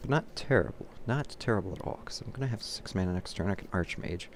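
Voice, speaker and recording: A man giving live commentary on his own card game, thinking his moves through aloud and getting excited or laughing at his own mistakes at his home computer. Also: sits low, quick pace, slight background noise. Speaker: gameplay commentator.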